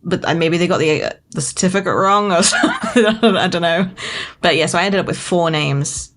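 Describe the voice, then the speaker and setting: A woman's voice: fairly low pitch, fairly quick. A British woman co-hosting a podcast in casual chat, giggly and playing with how words sound. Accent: British English. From Britain. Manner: giggly, animated, plays with word sounds. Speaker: podcast co-host.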